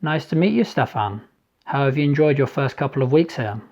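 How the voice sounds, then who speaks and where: A courteous, welcoming party host, as a male narrator plays him, speaking warmly and a little livelier than the narration. His delivery is polite and easygoing. The recording is slightly dull and lo-fi. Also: medium pitch, animated, brisk. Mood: friendly.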